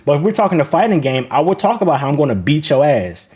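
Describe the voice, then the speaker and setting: A man's voice: a little high, big pitch swings, fast, a little mellow. An American man in casual chat as a streamer and co-host, talking bluntly with a lot of cursing. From United States. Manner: blunt, profane, laid-back, laughing.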